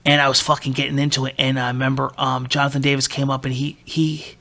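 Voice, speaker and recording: A man in his thirties hosting a podcast, telling a concert story in a profane, excitable, rambling way. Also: mid-range voice, fast, creaky. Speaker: podcast host. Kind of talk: casual storytelling.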